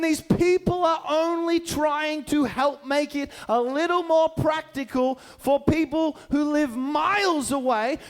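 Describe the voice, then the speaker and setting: A man preaching a sermon as a pastor, talking in a conversational way and often checking in with his listeners with rhetorical questions. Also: extremely high pitch. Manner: conversational, keeps asking the listeners "right?".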